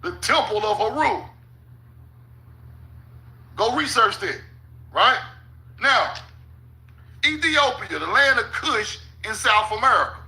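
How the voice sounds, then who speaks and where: A man's voice: high-pitched, expressive, slow pace, pauses often, pushed and bright, poor audio. A man giving casual, profane commentary while reading maps aloud, often stopping with "hold on" and laughing at his own points. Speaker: channel host.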